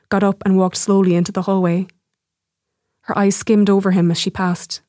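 A woman, an author reading her own short story aloud in a measured, even way. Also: medium pitch, no room sound, clean studio sound. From Ireland.

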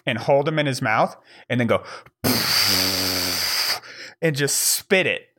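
A man co-hosting a podcast with a mid-range voice. He tells stories in a loose, profane, animated way, acting out each exchange. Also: mid-range voice, slow, breathy edge. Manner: animated, profane, acts out dialogue. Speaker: podcast co-host. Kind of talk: casual chat, storytelling.

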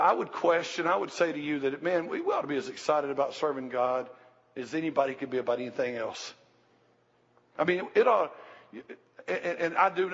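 A man's voice: a little high, husky. A man preaching a folksy, storytelling sermon as pastor, talking conversationally with restarts and asides, in a dull, echoey hall.

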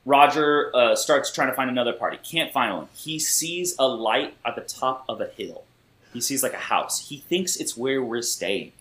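A man's voice: medium pitch, moderate pace. A young man, a podcast guest, telling a long anecdote and acting out the people in it. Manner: lively, acts out quoted voices. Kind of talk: storytelling anecdote. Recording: roomy echo.

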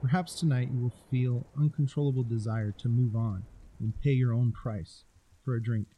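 A man narrating a scary story in a deliberate, storytelling manner. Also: mid-range voice, steady tone, muffled recording, a little hiss or hum.

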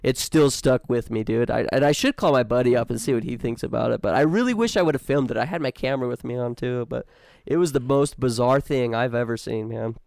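A man hosting a podcast, telling a story in a relaxed, slangy casual chat. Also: medium pitch, brisk, gravelly, dry recording, studio quality. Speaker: podcast host.

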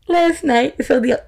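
A woman's voice: sits high, husky. A young woman co-hosting a podcast, telling stories in casual chat and acting out quotes. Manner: chatty storyteller, acts out quotes. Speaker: podcast co-host.

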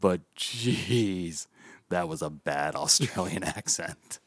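A man casually reviewing a movie with friends on a podcast, animated and full of profanity. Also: deep voice, slow, no room sound. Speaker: podcast host.

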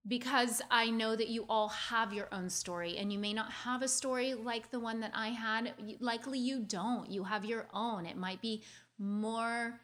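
A woman sharing a painful childhood story with her audience in an earnest, confiding way, talking quickly and restarting her phrases as she speaks. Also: a little high, fairly even intonation, fairly bright tone. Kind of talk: heartfelt personal storytelling.

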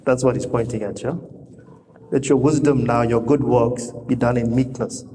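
A man's voice: mid-range voice, fairly even intonation, normal speed, dark tone. A man preaching a sermon, talking conversationally to the congregation and asking them rhetorical questions. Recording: reverberant hall with faint noise.

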